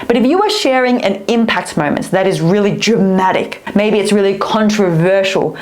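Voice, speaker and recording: Lively woman speaking coach. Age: 30s. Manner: demonstrative, swoops pitch high and low to illustrate. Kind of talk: scripted teaching to camera.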